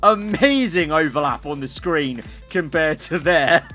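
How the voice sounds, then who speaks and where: Bright-voiced man reacting to memes. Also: a little high, animated, measured pace, faint music behind. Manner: joking, laughs often, chatty asides. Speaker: F1 content creator. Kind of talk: casual meme reaction commentary.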